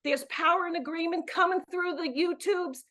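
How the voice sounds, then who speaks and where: A woman's voice: very high voice, moderate pace, bright, forceful tone. A woman in her fifties calling in to a live show as a coach, effusive and emphatic, often repeating words as she goes. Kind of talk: live call-in chat.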